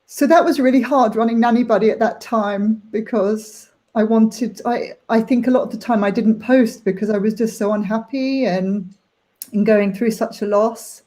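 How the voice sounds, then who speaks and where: A young woman talking candidly and emotionally about a hard personal time, halting with many fillers. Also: a little high, warm tone. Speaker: nanny sharing her story.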